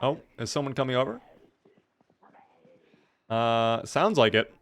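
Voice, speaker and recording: A man streams a game live, keeping up a joking, talkative running commentary. He thanks followers by name and banters with his chat. His voice sits at a middle pitch. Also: lively intonation, unhurried, fairly bright tone, slight background noise. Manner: playful, chatty, talks to chat and thanks viewers.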